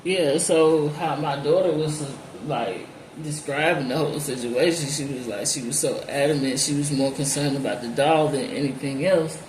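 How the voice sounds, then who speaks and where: A woman's voice: low-pitched, normal speed, hardly any pauses. A woman hosting her channel, telling a story casually, bluntly and with profanity, leaning on "like" a lot. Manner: heavy use of "like", blunt and profane. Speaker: channel host. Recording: echoey room, faint background noise.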